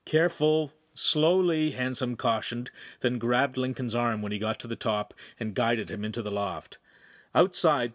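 A man reading a young adult novel aloud in a measured, even way. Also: medium pitch, no room sound, studio quality. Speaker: audiobook narrator. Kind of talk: scripted narration.

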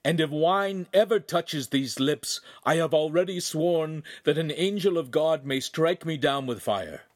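Weepy stammering craftsman guy, high n slow, a man reading it, dry recording. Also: no room sound. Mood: overwhelmed. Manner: whimpering, pleading, stammering. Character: tearful grateful middle-aged craftsman, overwhelmed.

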